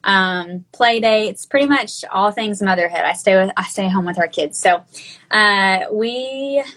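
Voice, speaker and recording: A woman from Arkansas with a light Southern twang talks at an everyday pitch. She chats loosely, full of fillers and quick restarts. It sounds like a video call. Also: a bit bright, rough recording. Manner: chatty, many fillers and restarts. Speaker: guest. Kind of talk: casual chat.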